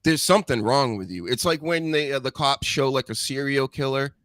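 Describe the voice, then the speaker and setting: A man's voice: medium pitch, a little fast, a bit bright, no room sound. A man hosting a live-stream podcast, commenting bluntly and profanely in a rambling casual way. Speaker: podcast host.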